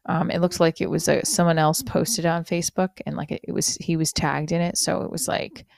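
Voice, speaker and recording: A middle-aged woman with a low, gravelly voice talks through a confessional podcast monologue. She rambles and restarts with many fillers, sounding hurt and low-spirited. The recording is dry and close. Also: steady tone, brisk, darkish tone, no room sound. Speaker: podcast host.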